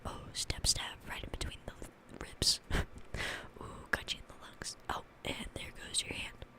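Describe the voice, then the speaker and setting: A woman's voice: a little slow, lightly acted. A woman whispering as a gleeful ancient killer sword. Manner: gloating, relishing each kill. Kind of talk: whispered role-play.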